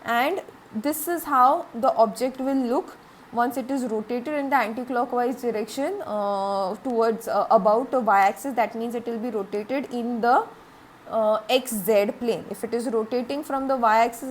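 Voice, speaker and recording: A woman's voice: a little high, a little slow, slight background noise. A woman giving a recorded classroom lecture, explaining step by step, repeating points, with frequent "okay" and "uh".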